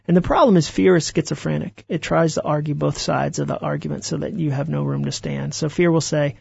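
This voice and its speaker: A man, an author being interviewed, telling stories in an animated way and acting out the voices he quotes. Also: a little high, fairly quick, creaky, hardly any pauses, breathy edge, no room sound, lo-fi sound. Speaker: author guest. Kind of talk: interview conversation.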